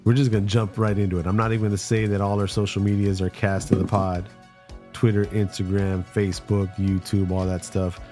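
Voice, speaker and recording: A man's voice: fairly low pitch, level tone, brisk, over music. A man with bronchitis co-hosting a horror movie podcast in casual, joking chat. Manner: joking, rambling, plugs socials. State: sick with bronchitis. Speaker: podcast co-host.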